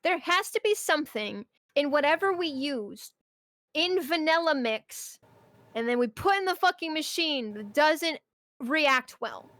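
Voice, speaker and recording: Animated, foul-mouthed young woman streamer ranting. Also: sits high, unhurried, no room sound, clean studio sound. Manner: animated, swears often, rants with mock outbursts. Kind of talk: casual chat.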